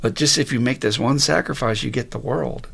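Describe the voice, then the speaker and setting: A man's voice: medium pitch, fairly quick, gravelly, fairly bright tone, breathy edge. A man hosting a podcast interview, chatting casually and enthusiastically, swearing freely and laughing often. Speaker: podcast host.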